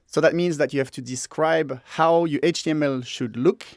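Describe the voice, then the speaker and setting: Australian man, podcast co-host, slightly raised pitch, dry sound, relaxed explaining. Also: moderate pace, no room sound. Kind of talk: casual podcast chat.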